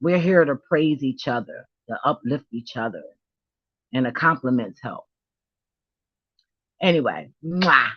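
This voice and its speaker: A woman's voice: extremely low pitch, expressive, measured pace, pauses often, husky, dry recording. A middle-aged woman vlogging in a hyped, profane, laughing casual monologue. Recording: dull, dry lo-fi recording.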